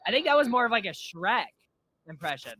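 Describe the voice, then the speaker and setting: A man live streaming a game, excitable and chatting with his AI co-host. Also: high-pitched, brisk, slightly rough, no echo. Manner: excitable, laughing.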